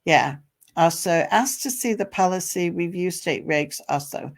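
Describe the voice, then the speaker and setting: A woman's voice: lowish voice, animated, a little slow. A middle-aged woman hosting a live advice show, answering viewer comments in a chatty, practical way with fillers and light laughs. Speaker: special education advocate and host.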